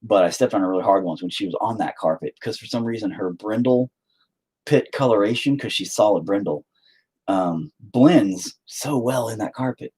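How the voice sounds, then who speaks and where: Husky, profane man chatting while painting. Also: on the low side, lively intonation, normal speed, a little mellow. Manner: profane, rambling, joking. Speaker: painting streamer. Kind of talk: casual chat while painting.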